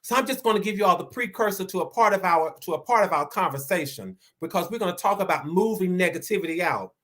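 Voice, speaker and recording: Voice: mid-range voice, expressive, fairly bright tone. Stammering, emphatic inspirational preacher. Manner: stammers and repeats words, slows down for emphasis; preacher-like, rising to emphatic declarations. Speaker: inspirational speaker. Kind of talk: motivational sermon-style talk.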